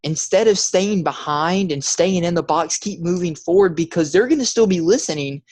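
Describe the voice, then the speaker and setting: A man giving an emphatic motivational talk, urging listeners in a repetitive, preacher-like way and dropping to a hush when he tells a story. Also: high voice, normal speed. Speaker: motivational speaker.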